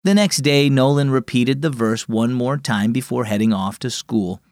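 A man hosting a children's devotional program, narrating a scripted story with an expressive read-aloud manner. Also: mid-range voice, moderate pace, no room sound, clean studio sound.

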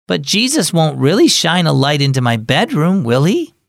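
A man's voice: on the high side, very animated, moderate pace, vocal fry, no room sound, clean studio sound. A man voicing a timid little girl. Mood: worried. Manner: timid, pleading. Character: scared little girl, younger sister.

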